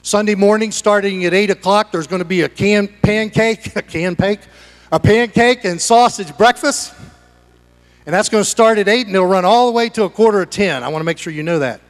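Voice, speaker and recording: High-voiced animated male pastor preaching. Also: brisk. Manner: animated, swings from hushed asides to shouting. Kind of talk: sermon. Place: church sanctuary.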